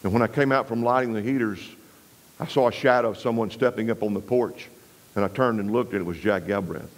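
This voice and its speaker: Folksy preacher telling a story. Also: male voice, a little fast, low-quality recording. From West Texas. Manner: folksy, drops low and quiet for emphasis; rises and presses when preaching scripture. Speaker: revival preacher. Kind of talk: storytelling sermon.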